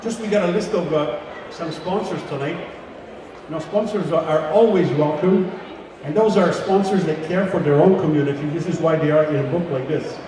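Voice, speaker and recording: A chatty man emceeing a live gala, ad-libbing to the crowd over a PA microphone in a large banquet hall. His voice sits high. The sound is very echoey with a long reverb tail and heard from a distance, with faint noise behind. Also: moderate pace. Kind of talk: live event hosting and joke telling.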